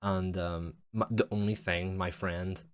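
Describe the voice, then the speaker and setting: A man's voice: deep voice, little pitch movement, measured pace, clean tone. A young man hosting a podcast, telling a rambling story in casual chat, swearing often and saying "like" constantly. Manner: rambling, sweary, heavy use of "like". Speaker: podcast host.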